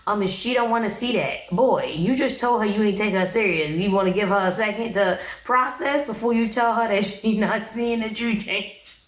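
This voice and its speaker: A woman's voice: medium pitch, normal speed, hardly any pauses, echoey room, rough recording. A woman giving a casual, blunt, sassy recap of a reality show, talking straight to her viewers.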